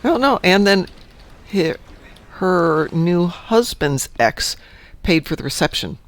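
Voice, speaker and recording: A man co-hosting a livestream, telling a family story in a lively, animated way. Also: high-pitched, slow. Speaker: co-host. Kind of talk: casual chat on a livestream.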